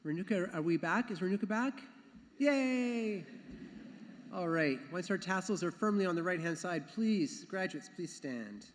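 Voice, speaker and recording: A man's voice: high-pitched, expressive, normal speed, few pauses. A man speaking as the education council chair at a graduation ceremony, earnest and sometimes repeating himself. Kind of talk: ceremony speech. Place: large hall. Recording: long hall reverb.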